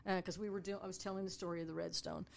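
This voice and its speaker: A woman tells a story in a relaxed, chatty way, slipping into the voices of the people in it. Her voice has a gravelly, creaky texture. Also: fairly low pitch, racing. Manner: animated, acts out voices of people in her stories. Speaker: storyteller and tour guide. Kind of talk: casual storytelling.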